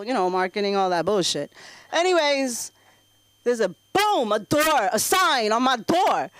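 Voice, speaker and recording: A woman doing an open mic stand-up set in a small comedy club, telling brash, profane stories in an animated way. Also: sits high, no echo. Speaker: stand-up comic.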